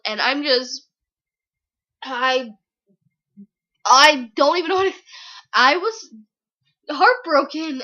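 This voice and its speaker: A woman's voice: high voice, takes it slowly, pauses often, sharp tone, lo-fi sound. A young woman giving a casual book review vlog, gushing, giggly and rambling.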